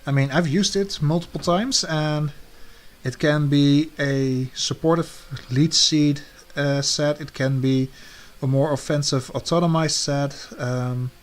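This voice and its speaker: A man co-hosting a casual chat, talking relaxed and letting his sentences trail off softly. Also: fairly high pitch, a little slow. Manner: relaxed, trails off with soft endings. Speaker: co-host ranking draft teams.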